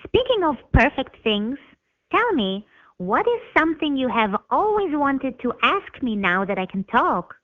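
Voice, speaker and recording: A woman's voice: high-pitched, sing-song, a little slow, no room sound, lo-fi sound. A synthetic female voice playing a chatty, grandiose female dachshund with flowery, mock-formal wording.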